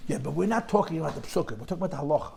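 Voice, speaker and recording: High-voiced man teaching a Torah class. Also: expressive, rapid-fire, creaky, a little mellow, slight background noise. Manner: mixes English with Yiddish and Hebrew terms, questioning.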